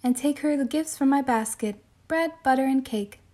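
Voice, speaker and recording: A woman's voice: high voice, normal speed, dark tone. A woman doing a sweet prim little girl in a red hood. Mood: polite, eager. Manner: prim, well-mannered speech. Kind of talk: bedtime storybook reading.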